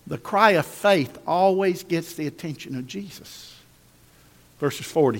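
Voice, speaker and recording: An emphatic male pastor preaching a sermon, driving points home through repetition and calls to the congregation. His voice sits slightly high and rings with a long echo through a large hall. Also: unhurried.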